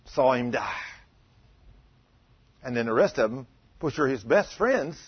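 A husky man preaching to his congregation, his voice rising and dropping as he tells the story. He questions the listeners directly and acts out the quotes. The recording is dull and lo-fi. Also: medium pitch, animated, unhurried. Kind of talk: sermon. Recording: dull lo-fi sound.

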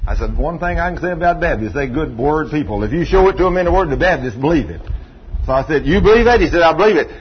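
A preacher man with a fairly high voice delivers a folksy, emphatic sermon full of stories. He drawls and presses hard on his points. The recording is muffled and lo-fi, with a faint hiss underneath. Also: animated, quick pace.

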